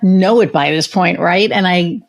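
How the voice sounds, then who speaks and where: A woman's voice: lowish voice, measured pace. Chatty woman podcast host. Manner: animated, chatty, full of fillers and restarts. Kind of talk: casual conversational storytelling.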